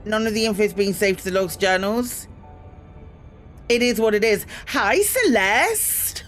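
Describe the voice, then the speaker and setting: With fairly even intonation, a mid-range voice, and a moderate pace, a British woman streams a space game as faint music plays. Her casual chat with viewers includes bursts of greetings, frequent ums, and self-mocking asides.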